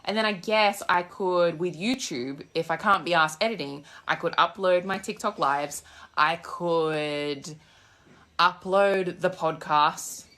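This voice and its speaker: She speaks slowly, with a fairly low and slightly bright voice. The young woman is out on a walk, phone in hand, casually live-streaming as a manifestation coach, answering comments with sass, bluntness, and plenty of swearing.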